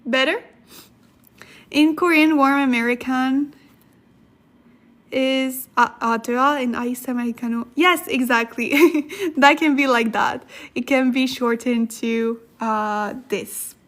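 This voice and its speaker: A woman who is sick, giving a casual livestream language lesson, thinking aloud, clearing her throat and laughing at herself as she looks things up. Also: high-pitched, fairly bright tone. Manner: slow careful explanations. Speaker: Korean language teacher on a livestream.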